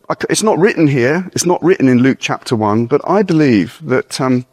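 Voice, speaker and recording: A man preaching an earnest, encouraging sermon, reading scripture slowly and breaking off for informal asides and questions to his listeners. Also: mid-range voice, no echo, clean studio sound. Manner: reads verses aloud slowly and deliberately.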